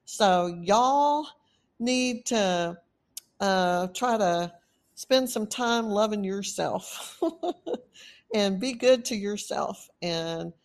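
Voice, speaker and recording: Woman, Texan accent, podcast host, slow delivery, earnest motivational rambling. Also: mid-range voice, darkish tone. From Texas. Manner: earnest, urgent and rambling, with many fillers.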